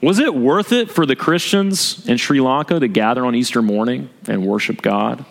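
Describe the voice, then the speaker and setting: A man's voice: mid-range voice, normal speed, gravelly. A man preaching a sermon to his congregation as pastor, earnest, asking rhetorical questions and repeating his key points. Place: church sanctuary. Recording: long reverb of a church hall.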